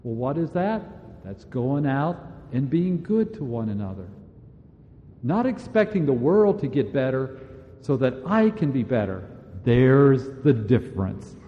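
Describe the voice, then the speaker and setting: A man gives a sermon at an unhurried pace, chatting plainly and poking fun at himself. The sound is muffled, and his voice trails off into a long church reverb. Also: medium pitch, very animated. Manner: slow, conversational, self-mocking with chuckles. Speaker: preacher.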